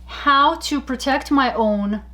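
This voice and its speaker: A woman co-hosting a casual talk show, telling stories in an animated, chatty way with frequent laughter. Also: high voice, takes it slowly. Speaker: podcast co-host. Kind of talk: casual chat.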